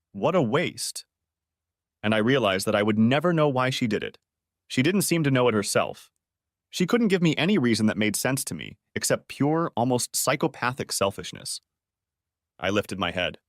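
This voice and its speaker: Lively male story narrator, dry sound. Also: medium pitch, no echo. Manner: angry, forceful in quoted lines. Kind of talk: audiobook story reading.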